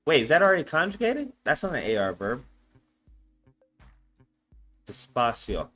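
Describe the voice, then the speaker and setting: A man's voice: medium pitch, wildly swooping pitch, moderate pace, fairly bright tone, soft background music. A man streaming casually as he follows a language lesson, thinking aloud, repeating words and swearing often. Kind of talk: casual live-stream chat.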